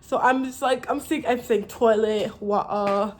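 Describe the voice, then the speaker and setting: A young American woman vlogs casually to camera, chatting and rambling with lots of "likes" and restarted sentences, laughing now and then. Her voice is a little high and her pace moderate.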